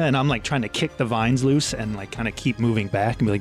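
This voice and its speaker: A man voicing his character in a tabletop game, sounding animated and flustered as he switches between describing his actions and speaking in character. His voice sits at a middle pitch, with faint music playing behind him. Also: fast, hardly any pauses. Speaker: player.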